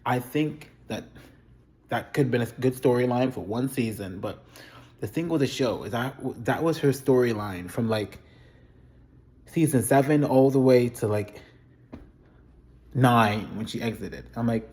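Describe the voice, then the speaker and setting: A man's voice: medium pitch, unhurried, pauses often, darkish tone. A man in a casual video, giving blunt, profane opinions in a rambling, candid way. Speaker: video creator reviewing a TV show. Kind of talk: casual chat.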